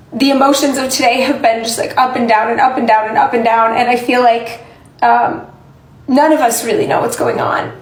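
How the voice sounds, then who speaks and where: A woman content creator crying as she speaks to her followers, halting and filling gaps with many ums. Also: fairly high pitch, echoey room, a little hiss or hum, rough recording. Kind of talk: tearful casual talk to followers.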